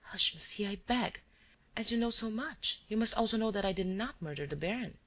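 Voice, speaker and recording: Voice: mid-range voice, sing-song, measured pace, a bit bright. A reader voicing a young French woman who is cornered and frightened, answering in pleading, breathless denials.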